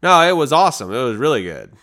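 A man co-hosting a podcast in casual chat, talking in an animated, excitable way with lots of restarts. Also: mid-range voice, quick pace. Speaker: podcast co-host.

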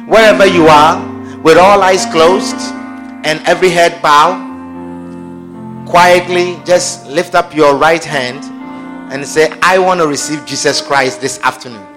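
Slow, pleading male pastor. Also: on the high side, fairly bright tone. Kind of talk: altar call and sinner's prayer.

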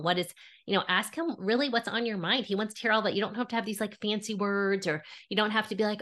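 Woman author guest; gravelly, fry-heavy voice, earnest and preacherly encouragement. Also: medium pitch, a little fast, fairly bright tone. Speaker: author and Bible teacher, podcast guest. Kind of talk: faith podcast interview.

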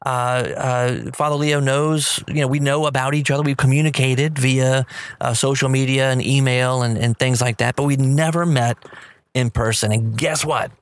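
A man's voice: mid-range voice, dry recording. A man hosting a podcast in a casual solo monologue, rambling and enthusiastic with many fillers and restarts. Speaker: podcast host.

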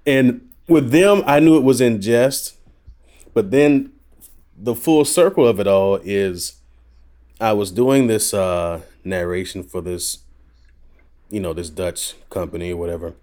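A man who is a voice actor, telling stories as a guest in a casual podcast conversation, animated and quick to laugh. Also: on the low side.

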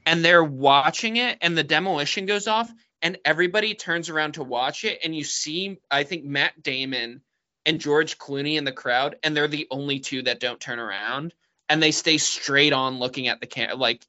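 A man as a podcast guest in casual chat, excitable, swearing and full of fillers. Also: a little high, moderate pace, dull audio.

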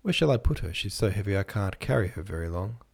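A man's voice: fairly low pitch, lively intonation, fast, creaky, darkish tone, husky, heavily acted. A man voicing a weary, humble young working-class woman who speaks plainly and self-effacingly.

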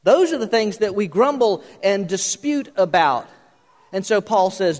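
Older male pastor, higher-pitched voice, folksy and joking, preaching in a reverberant hall. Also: big pitch swings, unhurried. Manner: folksy, joking, with many fillers and restarts. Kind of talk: sermon.

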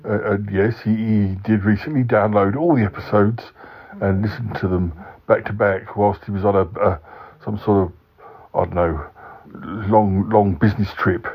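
A man's voice: fairly low pitch, steady tone, normal speed, slightly rough. A man voicing a timid, fussy yeti uncle who stammers and dithers through every sentence. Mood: dithering. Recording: dull lo-fi recording.

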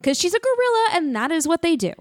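A woman's voice: extremely high pitch, sing-song, fast talker, no echo, clean studio sound. A woman co-hosting a podcast, chatting playfully about a movie and thinking aloud with lots of fillers. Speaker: podcast co-host. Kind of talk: casual chat recapping a film.

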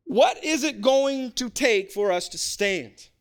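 A man preaching a sermon in an animated, conversational, joking way. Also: very high voice, takes it slowly, clear, resonant tone. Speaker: pastor and basketball coach.

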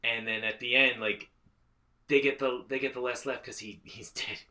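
A man's voice: medium pitch, fairly even intonation, moderate pace, sharp tone. A man co-hosting a casual movie podcast, rambling with lots of fillers and swearing. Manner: rambling, filler-heavy, profane. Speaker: podcast co-host.

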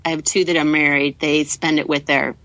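A woman comedian chatting casually on a podcast, easygoing and quick to laugh. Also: low-pitched, level tone, fairly bright tone, no room sound, lo-fi sound. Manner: slow, easygoing, laughs often. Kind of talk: casual chat.

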